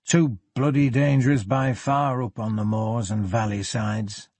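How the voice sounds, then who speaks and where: A man voicing a gruff older police superintendent with a Yorkshire accent, blunt and unhurried, in an audiobook. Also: mid-range voice, flat delivery, darkish tone, dry recording. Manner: blunt, unhurried, plain-spoken.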